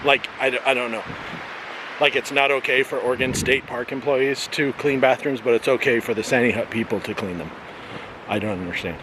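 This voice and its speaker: Out on a breezy coastal cape, a man gives relaxed vlog narration in a mid-range, slightly fast voice, mixing in wry sarcasm and occasionally huffing from a steep hill, all on noisy outdoor camera audio.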